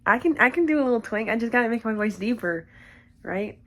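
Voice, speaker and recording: A woman's voice: a little high, animated, quick pace, fairly bright tone. A woman creator chatting casually with viewers and reading fanfiction aloud, giggly and self-conscious, with lots of asides.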